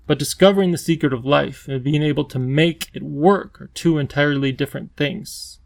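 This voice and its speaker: Guy doing an anxious polite old-school professor, kinda gravelly, dry close sound. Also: a little high, a little fast, no room sound. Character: earnest, polite male professor, a scientist.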